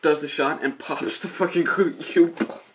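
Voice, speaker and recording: A man's voice: on the high side, fairly even intonation, moderate pace, a bit bright, slight background noise. A man giving a rambling, profane, laid-back spoken movie review. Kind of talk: casual spoken film review.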